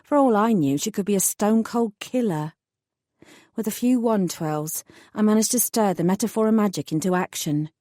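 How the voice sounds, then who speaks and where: A woman reading a first-person fantasy audiobook in a wry, measured storytelling manner. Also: medium pitch, dark tone, dry recording, clean studio sound. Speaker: audiobook narrator.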